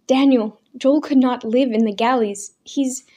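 A woman's voice: fairly high pitch, fairly even intonation, unhurried, mellow. Woman voicing a distraught young woman. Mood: frantic. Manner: breathless, urgent.

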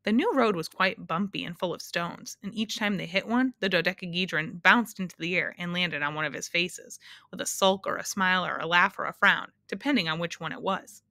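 A woman reading a children's storybook aloud with a clear, expressive narration. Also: fairly low pitch, a little fast, dry recording, studio quality. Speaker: reader.

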